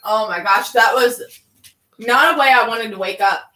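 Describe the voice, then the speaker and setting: A woman's voice: fairly high pitch, normal speed, bright, forceful tone, roomy sound, a little hiss or hum, low-quality recording. A woman joining a casual chat and telling a story. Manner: chiming in, storytelling.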